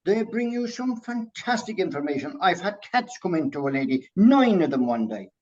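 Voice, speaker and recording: A man from Ireland, a medium, telling an anecdote in a chatty, lively way and laughing often. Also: sits high, normal speed, lo-fi sound. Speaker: medium sharing a story.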